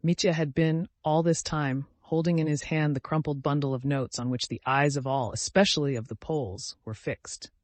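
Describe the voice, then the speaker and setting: A man narrating an audiobook in an expressive, animated reading. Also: fairly high pitch, moderate pace, few pauses, no echo.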